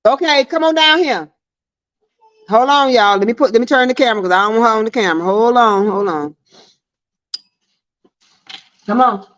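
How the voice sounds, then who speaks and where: A woman's voice: a little high, quick pace, a bit bright. A woman chatting casually on a live stream, laughing and reading viewer comments aloud, on dull lo-fi audio.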